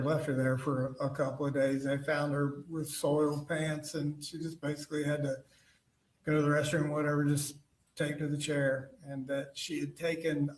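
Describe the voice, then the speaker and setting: A man testifying as a witness in court, halting and full of fillers and restarts. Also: fairly high pitch, darkish tone. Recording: echoey courtroom audio from far off.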